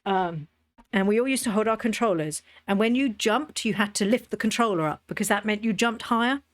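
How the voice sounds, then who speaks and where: A woman's voice: mid-range voice, brisk. A woman in her thirties, streaming a game and chatting casually, telling funny stories and laughing often. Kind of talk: casual gameplay chat.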